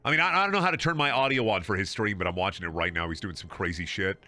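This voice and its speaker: A man's voice: sits low, very fast, sharp tone, no echo. A man streaming a video game, talking in a sarcastic, rambling, profane way with frequent laughing and repeated words. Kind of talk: casual game livestream commentary.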